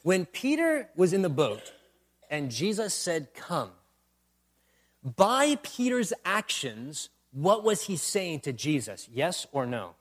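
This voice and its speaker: A man's voice: fairly high pitch, big pitch swings, slow pace. A man preaching a sermon, building to emphatic bursts and repeating refrains. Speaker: pastor.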